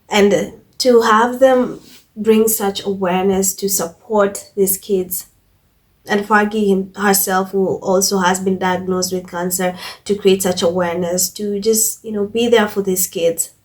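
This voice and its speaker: A woman of middle pitch reads news passages aloud and then comments on them in her own words. She is emphatic, repeats herself for stress, and fills her pauses with "um" and "you know". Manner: emphatic, repeats herself, frequent fillers and restarts. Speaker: commentary channel host. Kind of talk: reading news quotes then casual opinion commentary.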